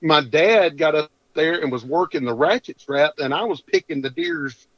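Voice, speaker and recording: A man's voice: fairly high pitch, big pitch swings, normal speed, no echo. Folksy man telling a story. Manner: folksy drawl, rambling with restarts. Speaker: guest. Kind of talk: casual storytelling. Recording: dull dry lo-fi audio.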